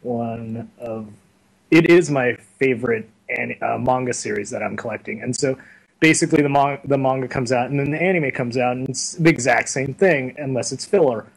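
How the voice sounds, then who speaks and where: A young man being interviewed, chatting casually and telling stories in a rambling, animated way full of fillers. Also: medium pitch, normal speed, gravelly, husky, low-quality recording. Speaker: interview guest. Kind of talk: casual chat.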